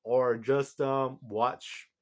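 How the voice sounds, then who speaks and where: A man's voice: medium pitch, steady tone, extremely slow, darkish tone. A man giving a casual, rambling breakdown of a manga chapter, reading out lines and often laughing. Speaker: manga reviewer.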